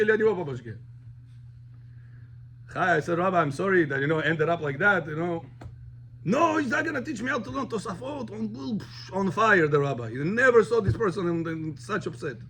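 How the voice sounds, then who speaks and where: Animated rabbi. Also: male voice, on the high side, brisk, slight background noise. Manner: animated, switches between English and Russian. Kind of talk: storytelling talk to a class.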